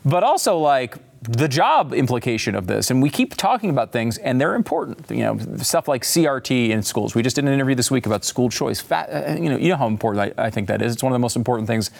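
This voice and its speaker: A man hosting a show, giving excitable, rambling commentary on a tech demo. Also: medium pitch, fast talker, vocal fry. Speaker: host. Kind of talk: casual commentary.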